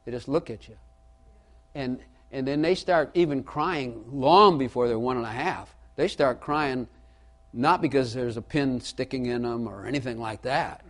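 A man with a medium-pitched voice preaches at a normal speed in a folksy storytelling style, making asides to the audience. He repeats his key lines for emphasis and poses questions to the listeners.

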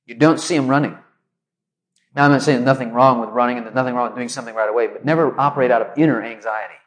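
A man's voice: medium pitch, racing. A man preaching a sermon in a loose, conversational way, full of asides. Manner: conversational, animated storytelling, many asides.

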